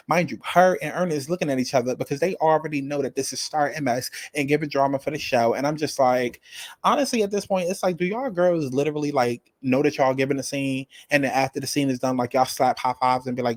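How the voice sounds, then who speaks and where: A man's voice: fairly high pitch, expressive, a little fast, no room sound. A man giving casual, sassy commentary on a reality show, dramatic and profane, addressing the viewer directly.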